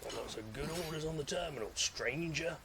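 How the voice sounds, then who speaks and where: A man voicing a shady male merchant hawking his wares in a gravelly drawl. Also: on the high side, fairly quick, a loud crowd, voice pushed up. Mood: sly salesman.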